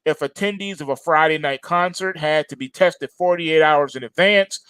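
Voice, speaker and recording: A man's voice: on the high side, moderate pace, a bit bright, smooth, no echo. A man hosting a market commentary monologue, sardonic and emphatic, mocking as he goes.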